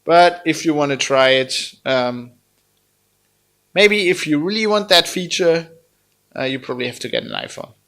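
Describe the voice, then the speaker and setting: Gravelly German man reviewing tech. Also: on the high side, expressive, moderate pace, fairly bright tone. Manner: chatty and blunt, with many fillers and restarts. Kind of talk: casual product review.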